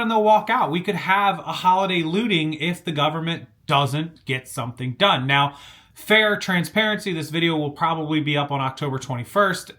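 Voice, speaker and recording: Commentary host, male, slightly high, bright voice, casual but grim. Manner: conversational, grimly serious. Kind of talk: reaction commentary.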